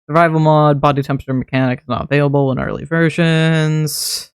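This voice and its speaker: A man with a fairly high voice streams a modded game and talks to himself the whole time. His commentary is casual and chatty, and he thinks aloud as he plays. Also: flat delivery, a little fast, smooth, dry recording, clean studio sound.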